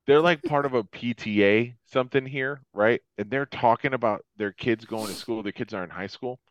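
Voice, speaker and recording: A man's voice: mid-range voice, normal speed, no room sound. A man from Florida chatting casually as a podcast co-host, rambling, swearing freely and laughing often. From Florida, USA. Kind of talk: casual chat. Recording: dull lo-fi sound.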